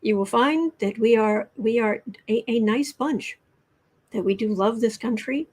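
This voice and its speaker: A woman hosting a casual tarot livestream, speaking slowly with many pauses and restarts. Her voice sits a little high, and her tone is blunt and sarcastic. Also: a little mellow, breathy edge. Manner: halting, full of ums and restarts, blunt and sarcastic. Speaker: tarot and astrology livestream host. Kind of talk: casual political commentary livestream.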